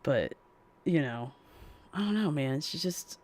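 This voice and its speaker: A man's voice: a little high, lively intonation, takes it slowly, a little mellow. A man talking casually to his live-stream audience, rambling and blunt, full of fillers and swearing. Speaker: game streamer.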